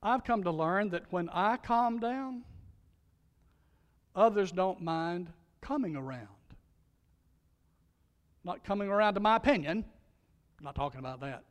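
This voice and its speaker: Preaching in a large hall with long reverb, this middle-aged pastor and chaplain has a high, expressive voice and an unhurried pace with frequent pauses. He is emphatic, asks the congregation questions, and moves between booming exhortation and quiet, hushed passages.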